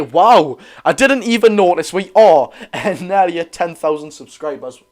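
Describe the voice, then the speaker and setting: A young man with a Geordie accent hosting a live football watch-along, chatting excitably with viewers while chesty and coughing. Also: high-pitched, measured pace, few pauses. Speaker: football fan channel host.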